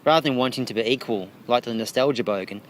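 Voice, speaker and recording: A man's voice: mid-range voice, fast talker, a little hiss or hum. An Australian man answering radio interview questions as a featured artist, with dry, wry asides.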